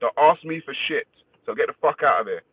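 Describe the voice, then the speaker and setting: A man's voice: mid-range voice, lively intonation, fairly quick, slightly rough, no echo. A man hosting a casual livestream, greeting viewers by name, reading their comments and swearing freely. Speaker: livestream host. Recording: dry, phone-like thin sound.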